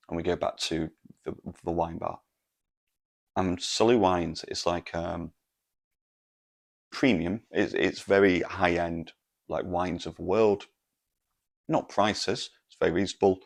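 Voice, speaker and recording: A man's voice: low-pitched, unhurried, gravelly, pauses often. A man, telling a rambling, sweary story on his podcast. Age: 40s. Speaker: podcast host. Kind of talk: casual storytelling monologue.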